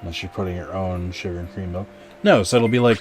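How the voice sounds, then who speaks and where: A man's voice: sits low, fast, slight background noise. A man streaming a game and chatting with viewers in a rambling, casual way, full of fillers and restarts. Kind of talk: casual live-stream chat while gaming.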